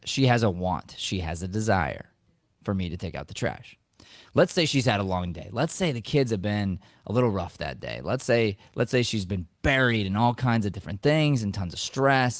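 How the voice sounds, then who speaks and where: A man in his thirties hosts a podcast, speaking in a fairly low voice with clean studio sound and no room sound. He talks casually about acting and life, animatedly acting out the lines of people in his stories.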